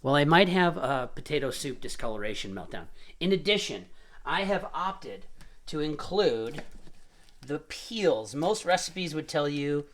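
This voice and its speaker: A man hosts a casual home cooking stream, rambling and joking as he chops and stirs. His pitch swings all over the place as he talks. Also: very animated, unhurried, a bit bright. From Irish family roots. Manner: jokey, rambling, chatty. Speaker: cooking show host.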